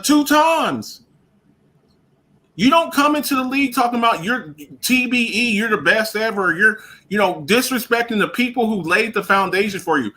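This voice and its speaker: A man's voice: extremely high pitch, bright, forceful tone. A man co-hosting a radio show, talking sports in a casual, emphatic way, often repeating himself and laughing.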